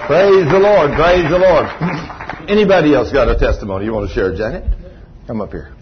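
A man's voice: fairly high pitch, moderate pace, dull audio, noisy background. A man preaching a sermon, telling stories with laughter and folksy phrasing. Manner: animated, laughing storyteller with folksy Southern phrasing. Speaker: pastor. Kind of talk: sermon storytelling.

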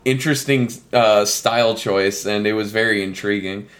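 A man's voice: lowish voice, fairly even intonation, moderate pace, a bit bright. A man talking as a podcast guest, hesitant, filling with many likes and uhs. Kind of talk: casual podcast chat.

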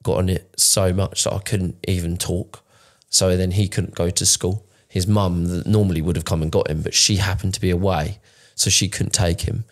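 A man in his thirties tells his story in a raw, unpolished way, often breaking off and restarting sentences. His voice is very low, with a rough, gravelly fry. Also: fairly even intonation, normal speed, few pauses. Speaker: podcast co-host. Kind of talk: candid conversational storytelling.

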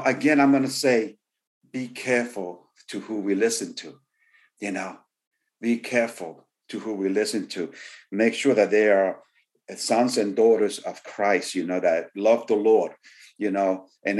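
A man's voice: fairly low pitch, a little slow. A man preaching a sermon, repeating key phrases for emphasis and often saying "you know.". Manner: frequent "you know" fillers. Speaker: pastor.

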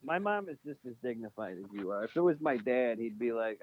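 A man's voice: medium pitch, fairly quick, few pauses, muffled recording, background noise. A young man co-hosting a podcast in casual, teasing chat, often slipping into funny voices. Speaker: podcast co-host.

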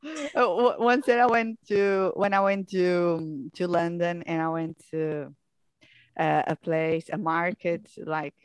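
A woman's voice: on the low side, slow pace, clear, resonant tone, no echo. A woman with a Portuguese accent, a guest musician telling a story in a casual chat, hesitant and full of fillers.

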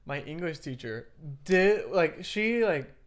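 A man's voice: on the high side, lively intonation, slow pace. Young male podcast co-host, candid and profane, casual storytelling. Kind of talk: casual chat.

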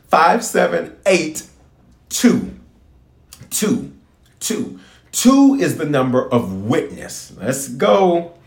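Male pastor, emphatic, repetitive exhortation, highly animated delivery, echoey room. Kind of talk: fiery livestream prayer sermon. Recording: roomy echo.

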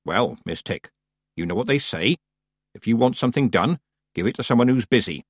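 A man voicing a stern, sharp old woman witch with a dry, firm and clipped manner. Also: medium pitch, expressive, fairly quick, slightly rough, no echo. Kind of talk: audiobook character voice.

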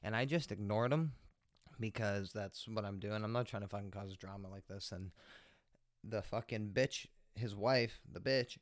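A man's voice: lowish voice, moderate pace, no echo, studio quality. A man hosting a homemade podcast, telling a casual story in a rambling way, full of fillers and swearing. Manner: rambling, heavy swearing, lots of filler words. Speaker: podcast host.

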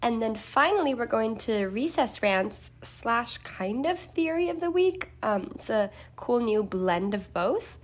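A woman's voice: on the high side, expressive, measured pace, few pauses. A young woman co-hosting a casual podcast, upbeat and giggly as she runs through lists and recaps. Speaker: podcast co-host.

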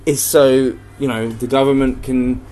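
A man's voice: medium pitch, flat delivery, unhurried, warm tone, a little hiss or hum. A young man hosting a solo podcast from home, ranting in a profane, rambling, heated way. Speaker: podcast host. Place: room at home.

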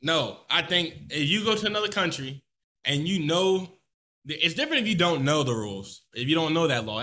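A man speaks in a bright, forward voice pitched a touch high. He holds forth in casual podcast banter, swearing and stacking emphatic repeats as he argues. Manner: blunt, emphatic, profane, repeats himself for emphasis. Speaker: podcast co-host. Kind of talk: casual opinionated podcast chat.

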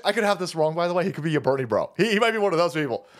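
A man hosting a stream, ranting about politics in a loud, foul-mouthed, mocking way, jumping between shouts and low mutters. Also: big pitch swings, racing. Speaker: host of a political rant stream. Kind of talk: profane political rant.

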